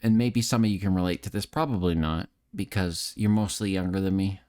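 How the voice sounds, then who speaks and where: A tipsy male streamer and voice actor rambles through self-deprecating live-stream chat on a close desk mic. His voice is low-pitched, fairly quick and a little mellow, nasal, with a slight lisp.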